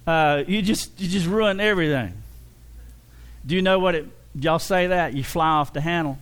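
A man's voice: high-pitched, lively intonation, measured pace, pauses often, a bit bright. A middle-aged man preaching a sermon with humor, often acting out quoted dialogue. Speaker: pastor.

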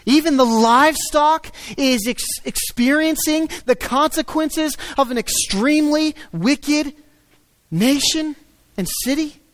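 A man preaching a sermon, swinging between loud emphatic stresses and low quiet asides. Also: slow, dry recording. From United States. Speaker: pastor.

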